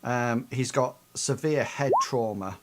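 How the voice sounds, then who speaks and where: Man, slow, hesitant, game master, explaining rules. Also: mid-range voice, very noisy. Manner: hesitant, many ums and restarts.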